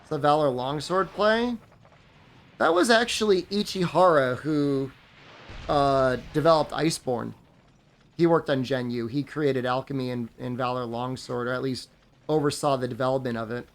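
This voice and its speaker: A man's voice: mid-range voice, normal speed. A tired, sleepy man chatting loosely as he streams a game, rambling with lots of filler words. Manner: rambling, loose, full of "like" and "I mean". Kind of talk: casual stream chat while gaming.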